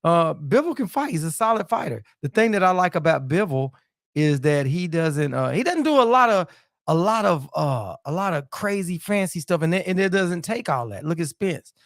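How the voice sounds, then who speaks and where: A man's voice: a little high, big pitch swings, moderate pace, no room sound, studio quality. A man hosting a casual live-stream boxing chat, loose and repetitive, dropping "man" and "you know" into nearly every sentence. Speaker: boxing talk show host.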